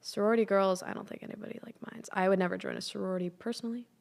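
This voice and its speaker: A woman's voice: medium pitch, steady tone, rapid-fire, creaky, darkish tone. Chatty teenage girl, casual podcast. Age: teens. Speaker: podcast co-host. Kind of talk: casual chat.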